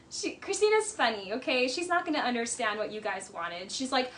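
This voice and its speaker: Chatty high-voiced woman recapping TV. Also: expressive, moderate pace, a bit bright, a little hiss or hum. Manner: chatty, blunt, says "like" a lot. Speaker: reality TV commentator. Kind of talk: casual commentary.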